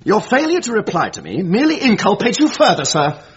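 A pompous jealous gentleman. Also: high-pitched, huge pitch swings, brisk, breathy edge, exaggerated voice. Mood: accusing. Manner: pompous, accusing, stiff formal speech. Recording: muffled lo-fi recording.

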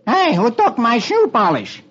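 A man's voice: extremely high pitch, wildly swooping pitch, unhurried, fairly bright tone, husky, heavily acted. A man voicing a hapless young army private in a comic read on old radio, talking in a hesitant, put-upon way. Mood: indignant. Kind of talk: 1950s radio comic reading. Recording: dull old radio broadcast with crowd noise.

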